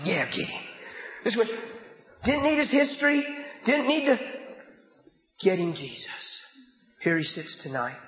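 A man preaching a sermon, emphatic and often shouting, then suddenly dropping to a hushed voice. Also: extremely high pitch, echoey room, big-room sound, lo-fi sound. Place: church hall.

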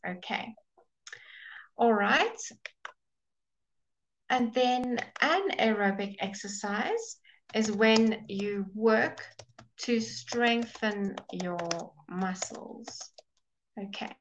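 Slow, breathless woman teaching English. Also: fairly high pitch, lively intonation, a little hiss or hum, rough recording. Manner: slow, explaining patiently, with fillers and restarts. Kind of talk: live online language class. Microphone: webcam or computer mic.

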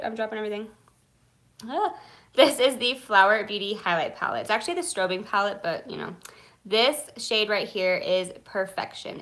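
A woman's voice: mid-range voice, a bit bright. A young woman, chatting live about her favorite beauty products in a gushing, chatty way, a little nervous and stumbling now and then. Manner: gushing, chatty, many fillers; nervous, self-conscious. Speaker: beauty vlogger.

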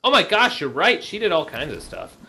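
A man playing a co-op video game with a friend, chatting casually and joking, with loud exclamations. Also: a little high, a little fast, creaky, noisy background. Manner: animated, jokey, exclaims loudly. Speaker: co-op player.

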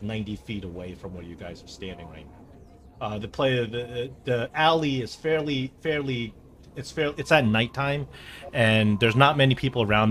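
A man narrating a tabletop game as game master, halting with many fillers. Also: on the low side, a bit bright, a little hiss or hum.

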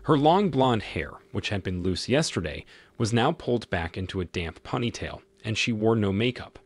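A man narrating a dramatic first-person story in an expressive storytelling manner. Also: fairly low pitch, moderate pace, breathy edge. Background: faint music.

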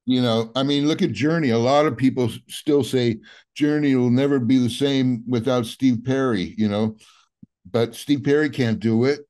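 Mellow-voiced man in his seventies, rambling easily. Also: medium pitch, moderate pace. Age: 70s. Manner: rambling, relaxed, full of "you know" and soft laughs. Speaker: guest musician. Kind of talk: casual interview chat.

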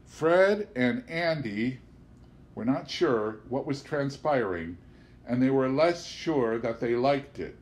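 A man narrating a novel as an audiobook, in a measured, expressive reading style. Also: medium pitch. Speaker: audiobook reader.

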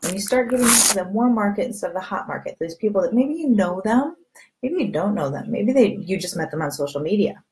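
Animated woman coaching a sales team. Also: medium pitch, rough recording. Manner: animated, acts out quoted friends with voice changes; candid, chatty, repeats catchphrases. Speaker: direct sales team leader. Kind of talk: motivational sales coaching to camera.

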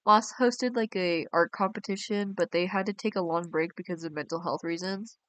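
A woman's voice: lowish voice, moderate pace, smooth, dry recording. A young woman, chatting casually on a game live stream and reading her chat aloud in a bubbly way. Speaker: game livestreamer.

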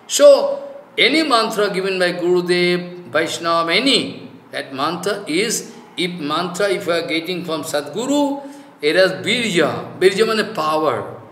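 Male preacher, halting and filler-heavy, bright tone, recorded in an echoey room. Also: sits high, expressive. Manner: halting, many "you know" fillers, broken English. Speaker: spiritual teacher. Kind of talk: devotional sermon.

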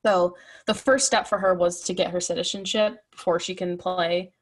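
A woman's voice: lowish voice, steady tone, normal speed. A woman co-hosting a sports podcast, talking casually with lots of fillers. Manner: chatty, many fillers and likes. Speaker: podcast co-host. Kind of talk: casual chat.

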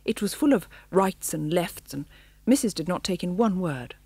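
Low, husky woman narrating a storybook. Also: expressive, normal speed, a little mellow, no echo. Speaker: audiobook narrator. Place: recording studio.

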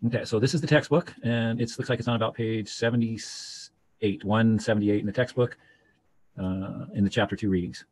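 A man's voice: on the low side, steady tone, normal speed, darkish tone, slight background noise. A man teacher narrating a screen-share tutorial, thinking aloud loosely as he works.

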